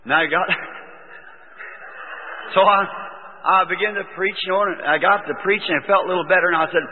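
A man, a preacher telling a story from the pulpit in a folksy way that rises into excited exclamations. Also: sits high, brisk, pauses often, a little hiss or hum. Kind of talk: storytelling sermon. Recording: old phone-like recording in a reverberant hall.

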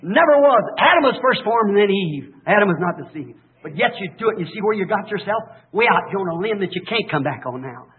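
Preacher, man, high and husky, impassioned and folksy, thin phone-like old tape. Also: big pitch swings, quick pace, hardly any pauses. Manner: impassioned, rising to shouts, folksy rural speech. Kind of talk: fiery revival sermon.

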